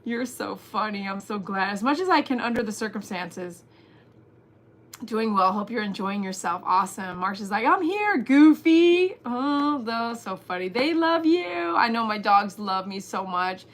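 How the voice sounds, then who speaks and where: Bright-voiced woman hosting a chatty livestream. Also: medium pitch, moderate pace. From Texas. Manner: animated, laughs often, reads chat aloud. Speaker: livestream host. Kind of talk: casual livestream chat reading comments.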